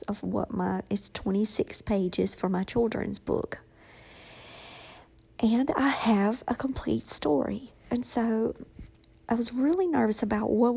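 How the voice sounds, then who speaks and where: A middle-aged woman talking slowly and reflectively about writing her children's book, pausing often with ums. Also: on the high side, gravelly, dark tone, slightly rough, low-quality recording. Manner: slow, reflective, halting with many ums. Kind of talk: casual personal vlog.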